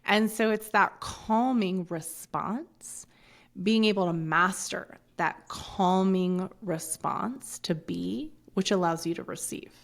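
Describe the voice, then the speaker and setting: A woman's voice: mid-range voice, takes it slowly, gravelly. A woman in her forties in casual podcast chat, talking bluntly and swearing freely, with rambling asides. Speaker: podcast guest.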